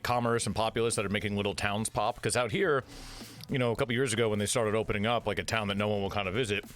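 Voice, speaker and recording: A man's voice: lowish voice, fairly bright tone, a little hiss or hum. A man from New Jersey hosting a casual chat, rambling with lots of fillers. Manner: fast, rambling, frequent "like" fillers. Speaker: host.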